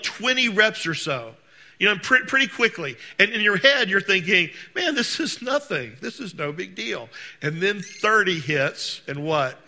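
A man preaching a sermon to a congregation, talking conversationally, asking the room questions and acting out scenes with sudden shouts. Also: sits high. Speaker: pastor. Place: church service.

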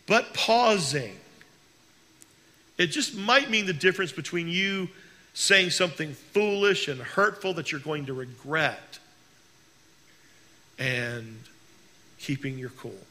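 A male pastor preaching a sermon in an earnest way, slowing down to stress key words. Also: on the high side, bright, forceful tone.

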